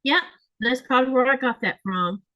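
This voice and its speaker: A woman's voice: sits high, moderate pace, bright, forceful tone, lo-fi sound. A woman in her sixties with a Florida accent, hosting a casual crafting chat, wandering and correcting herself as she goes. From Florida, USA. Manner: rambling, self-correcting with fillers. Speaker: quilting channel host.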